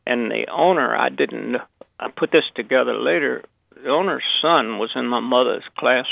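An older Southern man tells his stories in a rambling way, chuckling and restarting his sentences. His voice is heavily gravelly and full of fry. It comes over a dry, tinny phone line. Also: mid-range voice, dry recording. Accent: Southern American. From Memphis, Southern US. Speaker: guest, actor and author. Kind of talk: relaxed anecdotal interview.

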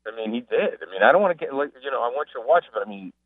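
A man chatting casually as a guest on a radio show, an animated storyteller who mimics the people he describes. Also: mid-range voice, very fast. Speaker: sports broadcaster and guest. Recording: phone line.

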